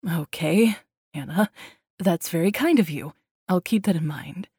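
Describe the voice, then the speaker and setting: A woman's voice: fairly low pitch, a little slow, dark tone, slightly rough, no room sound, clean studio sound, full character voice. Woman doing a flustered polite office guy.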